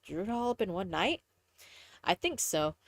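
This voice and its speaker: A woman's voice: mid-range voice, very animated, moderate pace, dry recording. A young woman from Texas with a mixed Southern and Midwestern accent, chatting casually on a live stream, rambling and correcting herself as she goes. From Texas, USA. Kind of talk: casual live-stream chat, reading aloud.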